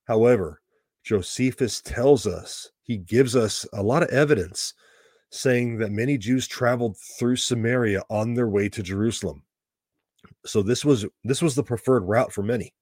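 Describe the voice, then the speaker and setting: A man's voice: medium pitch, normal speed, a little mellow, dry recording, studio quality. A man teaching a Bible passage verse by verse, explaining the background in a conversational way with casual asides.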